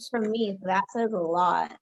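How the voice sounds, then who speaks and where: A woman's voice: medium pitch, normal speed, vocal fry, no echo. A woman in a casual comedy podcast chat, talking bluntly and swearing freely. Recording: dull lo-fi sound.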